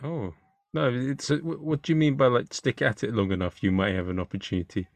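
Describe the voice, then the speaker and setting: A man's voice: mid-range voice, steady tone, a little fast, vocal fry, dry recording. Curious male podcast host. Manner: curious, questioning. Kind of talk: casual interview chat.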